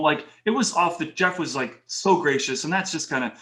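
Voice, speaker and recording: A man as a podcast guest, telling lively anecdotes in casual talk and acting out the people in them. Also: fairly high pitch, brisk. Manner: animated anecdotes with quoted voices. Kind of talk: casual storytelling interview.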